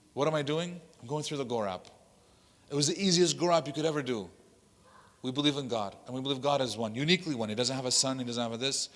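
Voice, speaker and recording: At a workshop in a mosque hall, an imam tells a story, taking on the voices of the people he quotes. His mid-range voice is bright and forward, and the sound rings with a long hall reverb.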